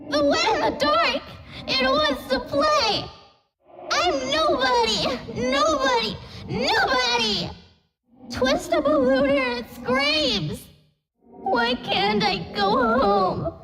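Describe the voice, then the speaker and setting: A woman's voice: extremely high pitch, very noisy, heavily acted. A woman voicing a little girl in a video game, with a childish, sing-song way of talking. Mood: eerie, whiny. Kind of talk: game voice lines. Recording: game audio with music behind.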